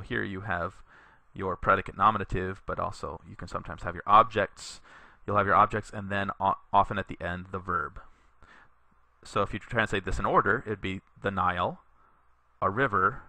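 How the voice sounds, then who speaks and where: Bright-voiced man teaching Latin slowly. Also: low voice, creaky, no room sound. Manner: slow, deliberate reading aloud for learners to repeat; explanatory, patient, with fillers. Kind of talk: recorded classroom tutorial.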